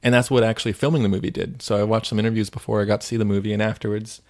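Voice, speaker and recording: A man's voice: fairly low pitch, level tone, racing. A man co-hosting a faith podcast, retelling stories in a rambling, casual way with lots of "like.". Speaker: podcast co-host.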